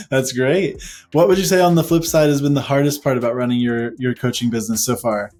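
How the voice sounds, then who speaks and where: A man hosting a podcast interview, who affirms his guest warmly before asking him a question. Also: mid-range voice, unhurried. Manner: encouraging and affirming. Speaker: podcast host.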